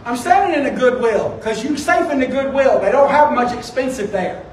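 Male pastor, very high voice, chatty sermon delivery, recorded from a distance in an echoey church. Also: expressive, fairly quick, a little hiss or hum. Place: church sanctuary. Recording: echoey room, distant from the mic.

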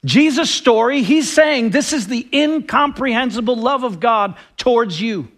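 A man's voice: extremely high pitch, lively intonation, measured pace, a bit bright. A man preaching a sermon with passion and emphasis, often acting out quoted dialogue. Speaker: pastor.

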